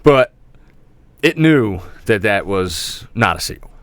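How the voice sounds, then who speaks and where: A man chatting on a podcast with a lowish voice that rises and falls a lot. He swears freely and laughs his way through stories, recorded dry and close. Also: slow pace, no room sound. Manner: profane, animated storyteller, laughs often. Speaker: podcast co-host. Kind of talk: casual chat.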